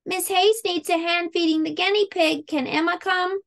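Eager little kindergarten girl, read by a woman; high, bright-eyed, helpful. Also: steady tone, moderate pace, creaky, heavily acted. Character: friendly young kindergarten girl.

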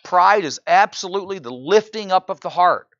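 A pastor preaching a sermon in church, often asking the congregation "right?" and building to loud, incredulous exclamations. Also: male voice, high voice, moderate pace, no room sound, muffled recording. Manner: animated preaching, frequent "right?" asides to the congregation.

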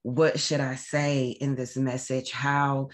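Woman hosting a faith talk, earnest and halting, lots of ums, trying not to cry. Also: a bass voice, flat delivery. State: holding back tears. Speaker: show host. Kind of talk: faith-based personal talk to camera.

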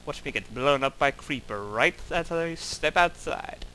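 Animated, wry gaming commentator man. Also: a little high, moderate pace, a little hiss or hum, poor audio. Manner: wry, self-mocking, grumbling at the game. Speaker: gameplay commentator. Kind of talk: let's play commentary.

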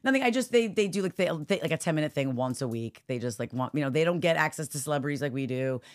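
A woman's voice: sits low, expressive, quick pace. Rambling woman telling a family story. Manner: rambling storyteller, quoting her family, heavy fillers. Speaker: podcast co-host. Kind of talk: casual chat.

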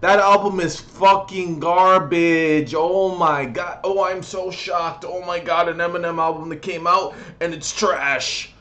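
A man's voice: high voice, fairly even intonation, unhurried, hardly any pauses, sharp tone. A young adult man vlogging a comedic, profane rant reviewing music, mocking and exasperated.

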